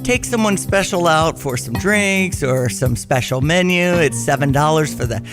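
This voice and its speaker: Upbeat higher-voiced radio co-host man. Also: lively intonation, moderate pace, over music. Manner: upbeat promotional read. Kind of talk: live-read radio ad.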